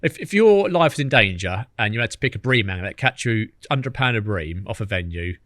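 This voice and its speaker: A man's voice: on the low side, expressive, fast, fairly bright tone, no room sound, studio quality. A man, a podcast guest telling cheeky anecdotes and mimicking the people in them. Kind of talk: casual storytelling.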